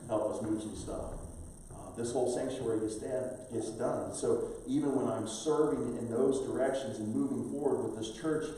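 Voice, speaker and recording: Middle-aged pastor in a roomy church. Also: male voice, mid-range voice, mellow, a little hiss or hum. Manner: conversational storytelling with the congregation. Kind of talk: sermon. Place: church sanctuary. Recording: roomy church hall, from far off.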